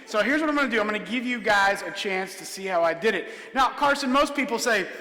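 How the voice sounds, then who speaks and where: A man's voice: sits high, animated, fast talker, sharp tone. A man performing a comedic magic show in a church hall, playfully joking with and coaxing a child volunteer. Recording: echoey hall.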